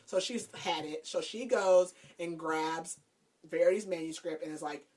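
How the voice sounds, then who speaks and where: A woman's voice: fairly low pitch, a little slow, a little mellow. A woman podcast host casually recapping a book's plot, chatty and laughing, with lots of "like". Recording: voice a bit far from the mic.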